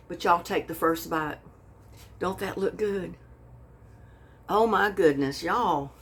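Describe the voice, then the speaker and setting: A woman's voice: fairly low pitch, slow, long pauses. Folksy woman cooking vlogger. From Texas. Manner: folksy, gushing, says y'all a lot. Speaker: cooking channel host. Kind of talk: casual cooking vlog, taste-testing.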